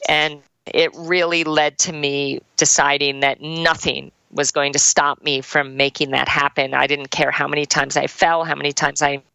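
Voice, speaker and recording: A woman's voice: low voice, flat delivery, normal speed, creaky, pushed and bright, smooth, no echo, low-quality recording. A woman and former triathlon champion turned coach tells a personal story in an interview, earnest and heartfelt, with many "like" fillers.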